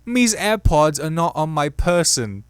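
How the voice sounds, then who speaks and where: A man's voice: a little high, very animated, measured pace, clear, resonant tone, dry recording, pitched above the performer's own voice. A man putting on a silly British accent, reading out device notifications like a dim, stiff Englishman. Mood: mock posh. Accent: put-on British.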